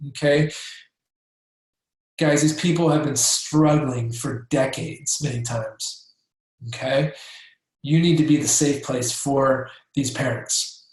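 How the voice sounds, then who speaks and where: A man runs a casual training session, talking listeners through how to handle patients and slipping into acted-out example conversations. His voice sits a bit high, and it bounces around a very reverberant room. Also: a little mellow. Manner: coaching, checks in with listeners with frequent "okay?"; acts out sample conversations with patients. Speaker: chiropractic practice trainer. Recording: very echoey room.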